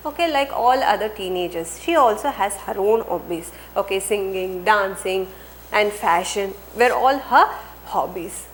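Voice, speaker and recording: A woman's voice: medium pitch, animated, measured pace, a bit bright, slight background noise, low-quality recording. A woman teacher with an Indian English accent reads a textbook passage aloud, then explains it line by line, adding "okay" often and asking and answering her own word questions.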